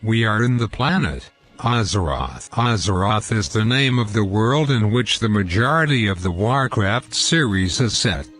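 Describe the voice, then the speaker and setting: A man narrating a game walkthrough, deliberately reading out lore and in-game quotes. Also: fairly low pitch, expressive, fairly bright tone, faint music behind. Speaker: gameplay commentator.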